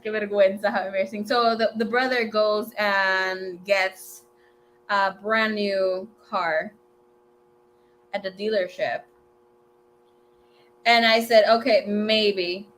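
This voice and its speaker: A woman in her twenties hosting a tarot livestream, telling a story in a chatty, animated way, swearing freely and mixing in Spanish words. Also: mid-range voice, unhurried, slight background noise. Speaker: tarot reader and livestream host. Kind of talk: casual storytelling chat.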